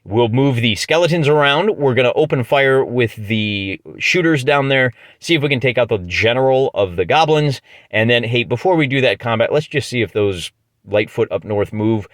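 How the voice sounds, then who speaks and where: A man's voice: mid-range voice, lively intonation, normal speed, no echo. A middle-aged man with a Midwestern American accent, chatting his way through a solo tabletop battle with jokes and restarts. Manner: chatty, jokey, often restarts mid-phrase. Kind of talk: casual play-by-play narration of a tabletop game.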